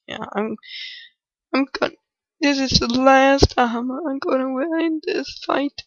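A woman giving frantic gameplay commentary, shouting and wailing in mock despair. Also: sits high, measured pace, no echo, lo-fi sound. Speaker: gamer recording gameplay.

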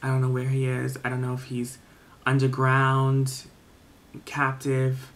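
A man's voice: medium pitch, monotone, unhurried, natural voice. A man voicing a grieving, angry middle-aged father who lives in a cabin, curt and defensive. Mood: mournful.

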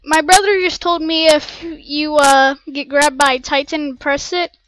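High squeaky gamer girl rambling about her game, bright voice, dry close mic. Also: measured pace, no echo. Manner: excitable, rambling, playful slang. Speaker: gameplay streamer. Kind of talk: casual gameplay commentary. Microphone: cheap desk mic.

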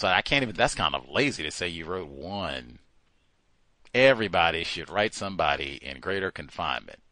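A man hosting a call-in talk show, speaking in an animated, emphatic way and repeating words for stress. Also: low-pitched, no room sound. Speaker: host. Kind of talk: call-in radio talk monologue.

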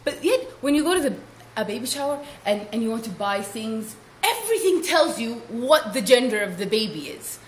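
A woman's voice: a little high, very animated, a little fast. A young woman rambling through a comedic vlog, playful and silly, with giggly asides. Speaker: vlogger. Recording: echoey room with faint hiss.

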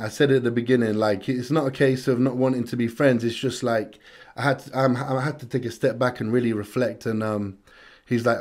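A man's voice: mid-range voice, darkish tone. A British man from the UK hosting a music reaction, talking in a casual, earnest and reflective way and repeating phrases for emphasis.

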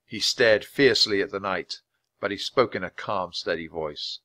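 A man reading a children's storybook aloud at a steady, clear pace for English learners. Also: low-pitched, normal speed, no echo. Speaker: storybook reader. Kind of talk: scripted narration for English learners.

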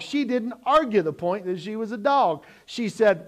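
A man's voice: sing-song, normal speed, few pauses. Middle-aged male pastor preaching dynamically. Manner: swings between loud emphatic lines and low quiet asides; repeats words and restarts phrases. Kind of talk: sermon.

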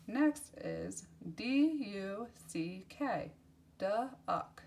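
A woman's voice: mid-range voice, animated, drawn-out words, gravelly. A woman teaching young children, spelling out words letter by letter and repeating them in a sing-song voice with cheerful praise. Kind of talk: children's lesson.

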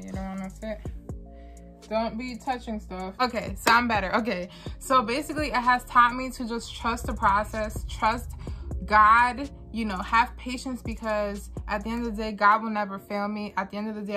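A woman's voice: a little high, fairly even intonation, normal speed, pushed and bright, soft background music. A young woman and small business owner talking candidly in a vlog, earnest and repeating phrases for emphasis.

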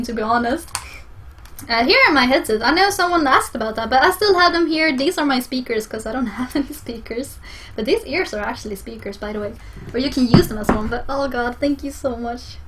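Swedish girl streaming games, high voice, swears a ton, laughs a lot, goes from yelling to quiet. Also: fairly quick, a little hiss or hum. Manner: excitable, swears a lot, laughs often, swings from shouting to soft. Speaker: game streamer. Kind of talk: excited live gaming stream chat.

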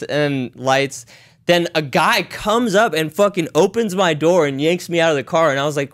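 A man in his thirties telling a story as a podcast guest, animated and swearing constantly while acting out quotes. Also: fairly high pitch, fairly quick. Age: 30s. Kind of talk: casual storytelling.

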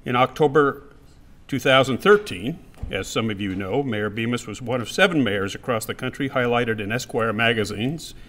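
A man's voice: medium pitch, normal speed, a bit bright. Man reading a speaker introduction. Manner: jokes lightly, then reads a prepared bio. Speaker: committee chairman introducing the speaker. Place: meeting room.

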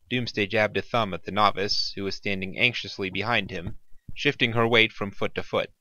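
Guy reading a story out loud, bright clear voice, totally dry sound. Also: lowish voice, no room sound. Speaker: narrator. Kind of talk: audiobook narration.

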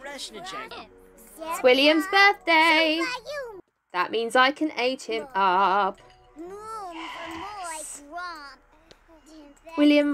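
A young-sounding English woman with a high, bright voice narrates her game session from home, gushing over and cajoling her little virtual family. Her talk is casual and bubbly, with soft music playing quietly underneath. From England. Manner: chatty and excitable, coaxing her game characters. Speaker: gaming YouTuber. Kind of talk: casual let's-play commentary. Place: home, top-floor flat.

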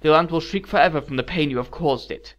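A man's voice: on the high side, fast talker, a bit bright, highs cut off, lightly acted. A man voicing an aged, weary sorceress who speaks in a solemn, cold and formal way. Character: aged weary female sorceress, stern and commanding.

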